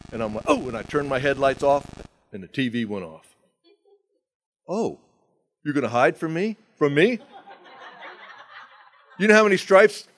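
A middle-aged man speaking at a recovery meeting, telling a personal story with wide swings from loud outbursts to hushed asides. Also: mid-range voice. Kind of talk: storytelling talk.

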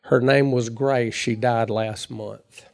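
A man's voice: mid-range voice, fairly even intonation, slow pace, gravelly. A middle-aged man telling his recovery story in a folksy, chatty way, laughing at himself. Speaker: recovery meeting speaker. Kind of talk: personal storytelling talk.

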